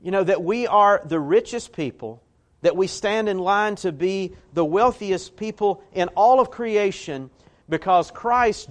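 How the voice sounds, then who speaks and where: A man preaching a sermon as pastor, in a folksy, conversational way that climbs to emphatic peaks. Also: high-pitched.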